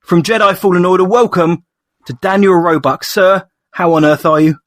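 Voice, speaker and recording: Hyped host with a high voice. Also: male voice, normal speed, dry recording, studio quality. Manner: playful, hyped, punchy. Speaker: podcast host. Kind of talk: scripted show introduction.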